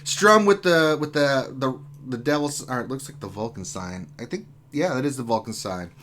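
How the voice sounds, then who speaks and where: A man hosts a relaxed lunchtime gaming stream at an everyday middle pitch. He jokes and banters as he greets viewers and reads their comments aloud, with a faint hum in the background. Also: normal speed. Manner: joking, banter-filled. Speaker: live stream host. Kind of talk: casual chat, reading out viewer comments.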